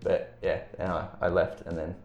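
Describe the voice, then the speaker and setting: A man telling a story in casual chat, animated and swearing, acting out voices. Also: low voice, moderate pace, creaky, muffled recording. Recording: roomy echo, faint music.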